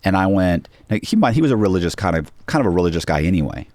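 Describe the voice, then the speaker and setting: A man with a deep, low voice tells a story in a relaxed interview, acting out each quoted line as he goes. The sound is dry and close, with no room around it. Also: rapid-fire, no room sound. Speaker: podcast guest.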